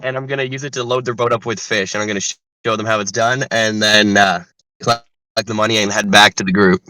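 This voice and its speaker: Bright-voiced, eager man playing a tabletop game. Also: fairly low pitch, fast talker, no echo, rough recording. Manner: eager, excitable. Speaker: player. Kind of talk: casual tabletop game chat.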